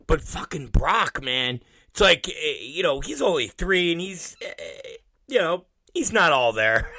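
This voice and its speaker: A man's voice: fairly high pitch, creaky, pushed and bright, dry recording, poor audio. A man hosting his own radio show, telling home stories in a profane, rambling way. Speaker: host. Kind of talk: casual radio show monologue.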